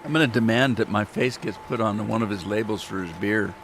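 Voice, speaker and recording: A man's voice: fairly low pitch, a little fast, a bit bright, a little hiss or hum. A man chatting casually on a live stream, talking candidly and rambling with frequent restarts.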